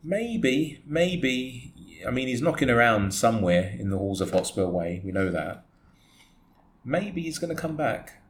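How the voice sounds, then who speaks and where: A man's voice: mid-range voice, measured pace. A man co-hosting a football podcast in casual chat, joking and laughing as he riffs. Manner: laughing, animated when joking. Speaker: podcast co-host. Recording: echoey room with faint noise.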